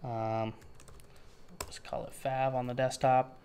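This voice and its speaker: A man walks through a web tutorial in a casual, offhand way, narrating each step as he thinks it through. His voice sits at an ordinary middle pitch, and he drops dry, sarcastic asides. A faint hiss sits under the recording. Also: level tone, slow pace, creaky, darkish tone. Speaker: web developer teaching a tutorial. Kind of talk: screen-share coding tutorial.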